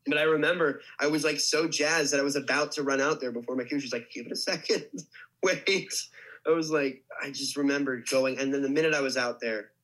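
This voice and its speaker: A man's voice: medium pitch, steady tone, fast talker, few pauses, fairly bright tone, poor audio. Young man rambling through a story. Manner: rambling, many restarts and likes. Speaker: actor guest. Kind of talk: casual storytelling.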